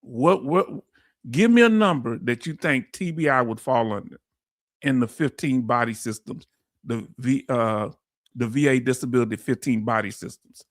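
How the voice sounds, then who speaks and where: Energetic Houston man hosting a livestream. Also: mid-range voice, moderate pace, no room sound, clean studio sound. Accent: Houston, Texas. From Houston, Texas. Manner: energetic, folksy, calls audience "family". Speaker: host. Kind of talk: casual live-stream explainer.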